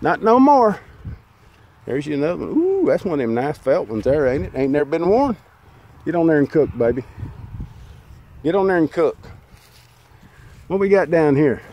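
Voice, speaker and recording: A man's voice: on the high side, a little mellow. A man, ranting bitterly outdoors, addressing his old team directly in a preachy, drawling way. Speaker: fan burning team memorabilia. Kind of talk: angry outdoor monologue to camera. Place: outdoors by a fire.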